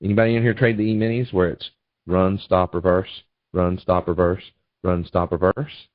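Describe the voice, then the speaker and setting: Folksy low-voiced man teaching traders. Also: level tone, moderate pace, dry recording, dull audio. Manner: folksy storytelling, repetitive asides. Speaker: trading educator. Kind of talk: webinar presentation.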